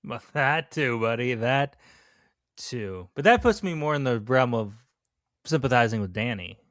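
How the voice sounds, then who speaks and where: A man's voice: mid-range voice, lively intonation, a little slow, a bit bright, no room sound, studio quality. A man co-hosting a podcast, joking and eagerly recapping his favorite movie scenes. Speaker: podcast co-host. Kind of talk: casual film-review chat.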